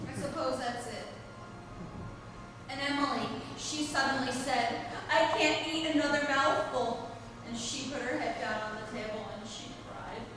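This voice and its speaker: An actress playing a mother of the bride, wistful and choked up, recorded live from far off in an echoey theatre. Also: sits high. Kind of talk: live stage play.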